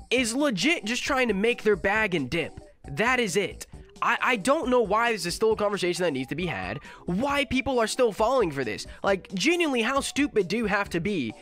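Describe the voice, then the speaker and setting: A man's voice: high-pitched, fairly bright tone. Sick, nasal young man mocking online. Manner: sarcastic, crude, fast-cracking jokes. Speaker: commentary YouTuber. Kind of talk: mocking internet commentary.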